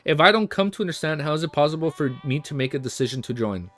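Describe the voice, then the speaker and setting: A man's voice: on the high side, lively intonation, quick pace, a bit bright, faint music behind. A man voicing a doubtful young man who questions his recruiter in a half dubious, half joking way, reading a novel aloud. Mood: questioning.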